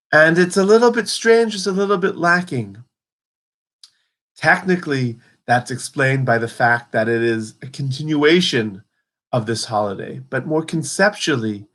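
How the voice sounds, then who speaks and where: A man's voice: medium pitch, fairly bright tone. A man giving a spoken holiday teaching, telling the story earnestly and acting out the quotes.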